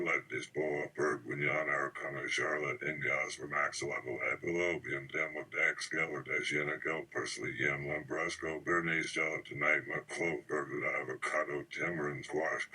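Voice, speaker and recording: A man hosting a live stream, reciting a long list of single words in a measured, list-like cadence with a pause after each one. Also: a bass voice, pushed and bright, breathy edge, low-quality recording.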